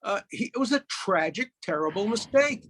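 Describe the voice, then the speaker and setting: High-voiced man in his eighties. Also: moderate pace. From Brooklyn, USA. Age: 80s. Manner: lively raconteur, punchy delivery. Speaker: guest, lawyer. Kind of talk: animated storytelling, joke-telling chat.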